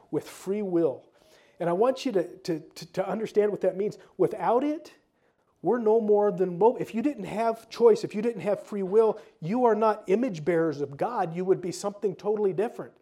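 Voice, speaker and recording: A man's voice: high voice, normal speed, dark tone. A male pastor preaching a conversational sermon, with casual asides and repeated words.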